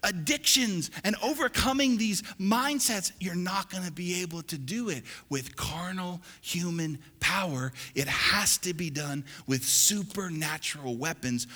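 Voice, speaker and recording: A male pastor preaching a sermon, calling on the congregation to repeat after him and building to loud exhortation. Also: on the high side. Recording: long hall reverb.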